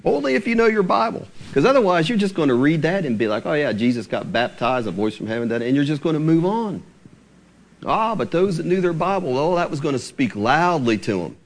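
A man preaching a sermon, asking the congregation rhetorical questions and slowing down to read scripture aloud. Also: a little high. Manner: animated, asks rhetorical questions, slows for scripture.

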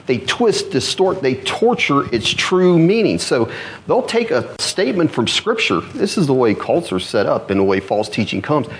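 A man's voice: medium pitch, very animated, normal speed. A man preaching an expository sermon, asking his listeners questions, answering them himself and repeating key words for emphasis.

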